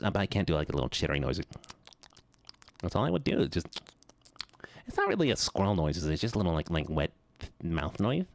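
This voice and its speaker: A man's voice: low voice, creaky, no room sound. A man streaming live, chatting casually in a rambling, jokey, profane and scattered way.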